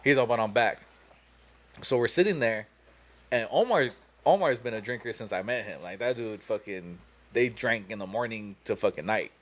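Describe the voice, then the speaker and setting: A man's voice: fairly low pitch, animated, moderate pace. A young man on a podcast telling a long, profane story in a rambling way, full of "you know" and "like.". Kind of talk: casual storytelling chat.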